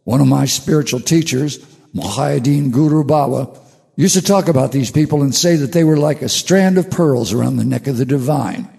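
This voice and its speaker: An older man hosting his own show, talking slowly through a reflective spiritual monologue with halting restarts. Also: mid-range voice, creaky, warm tone, long reverb tail. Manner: slow, musing, with halting restarts. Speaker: radio show host.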